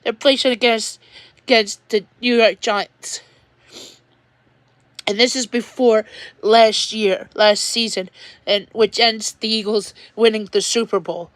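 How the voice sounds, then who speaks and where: High, slow-talking upset woman venting. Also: steady tone, no echo. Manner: rambling, halting, repeats words while venting. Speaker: livestreamer. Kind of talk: emotional livestream venting.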